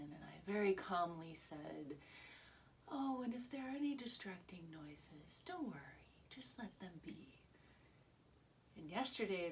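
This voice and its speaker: A woman guiding a relaxed meditation, speaking calmly and softly and often dropping into a hushed whisper. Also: fairly low pitch, far from the mic, slight background noise. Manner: calm, soft, often slipping into a hushed whisper. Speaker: meditation guide. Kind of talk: gentle guided meditation talk.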